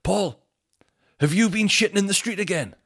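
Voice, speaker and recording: A man voicing a furious middle-aged male corner-shop owner who shouts and scolds. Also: high voice, very slow, breathy edge, voice pushed up, exaggerated voice.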